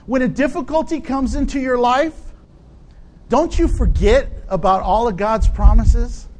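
A male pastor preaching a conversational sermon and asking his listeners rhetorical questions. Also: extremely high pitch.

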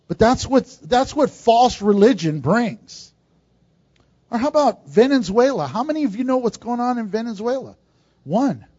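A man's voice: very high-pitched, very animated, normal speed, a little mellow, no room sound. A man preaching a sermon to a congregation in a conversational style, with asides and jokes. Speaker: pastor. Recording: dull, dry recording.

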